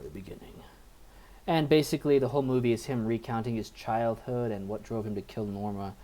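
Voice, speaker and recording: Dude on a film podcast, warm low-key voice, rambly with lots of ums. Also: male voice. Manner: rambling, filler-heavy retelling. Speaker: podcast co-host. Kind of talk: casual movie review chat.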